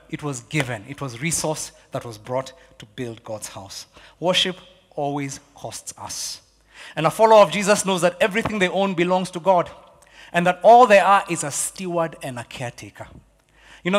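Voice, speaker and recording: Man preaching in a reverberant hall. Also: a little high. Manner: swings from hushed asides to loud exhortation. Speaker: pastor. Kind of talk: sermon. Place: church auditorium. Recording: long reverb of a church hall.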